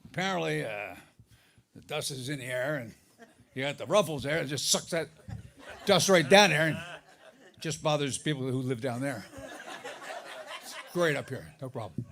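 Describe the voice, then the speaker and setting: Animated middle-aged male stand-up comic. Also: mid-range voice, moderate pace, vocal fry, long pauses. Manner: animated storytelling, voice jumps up for punchlines. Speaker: stand-up comedian. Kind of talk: stand-up comedy set. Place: live comedy venue with audience laughter.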